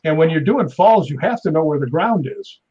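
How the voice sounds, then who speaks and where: Man in his fifties, guest storyteller, fairly high voice, animated, sound effects and chuckles, muffled lo-fi audio. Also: a little fast, breathy edge. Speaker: guest stuntman. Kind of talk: casual interview storytelling. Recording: dull lo-fi sound.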